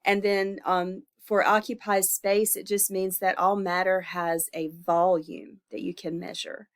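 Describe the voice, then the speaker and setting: A woman's voice: medium pitch, flat delivery, measured pace. A woman instructor recording a lecture, her voice stuffy and congested from illness, speaking informally with fillers and self-corrections.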